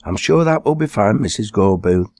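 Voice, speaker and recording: A man's voice: fairly low pitch, lively intonation, normal speed, a little mellow, dry recording, clean studio sound, pitched above the performer's own voice. A man voicing a cheerful, reassuring young woman from a farm family, in an audiobook. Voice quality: upbeat, reassuring.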